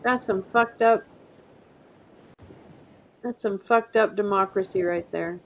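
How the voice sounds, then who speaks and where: Speaking slowly at a medium pitch, a middle-aged woman runs a casual livestream where she rambles, laughs often, and tries French words, all on dull-sounding audio.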